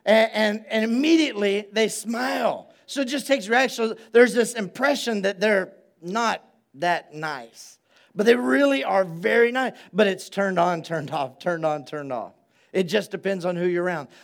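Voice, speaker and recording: A gravelly, high-pitched voice at normal speed belongs to a pastor delivering a relaxed sermon. He repeats phrases to hammer points home and draws call-and-response from his congregation.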